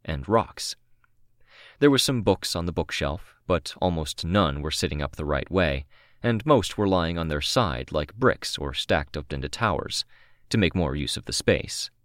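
A man narrating a novel in the first person, calm and measured, close to the microphone. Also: low voice, dry recording. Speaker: audiobook narrator.

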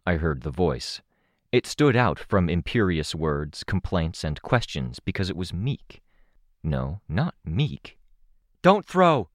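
A man reading a first-person action story aloud in a steady, dramatic storytelling manner. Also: sits low, dry recording, studio quality. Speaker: audiobook narrator. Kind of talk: scripted first-person narration.

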